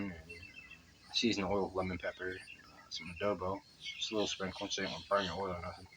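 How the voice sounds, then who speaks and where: A man's voice: fairly low pitch, noisy background. A young man telling a long rambling story in a casual vlog, cursing freely as he talks. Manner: rambling, profane, chatty. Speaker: vlogger. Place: outdoors by the water.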